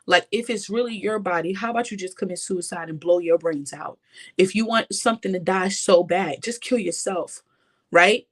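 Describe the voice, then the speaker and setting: A woman's voice: fairly low pitch, normal speed. A young woman vlogger giving an impassioned personal testimony, talking straight to her viewers. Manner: impassioned, addresses viewers directly.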